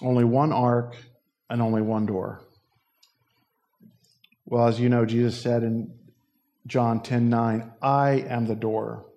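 A man's voice: mid-range voice, level tone, slow, pauses often, mellow, muffled recording. Man preaching in a conversational way. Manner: conversational, explanatory, with fillers and restarts. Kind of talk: sermon.

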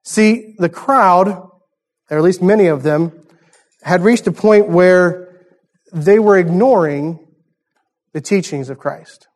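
Speaking slowly, with long pauses, this pastor has a high voice. He gives a conversational sermon, working through a passage and asking his congregation rhetorical questions.

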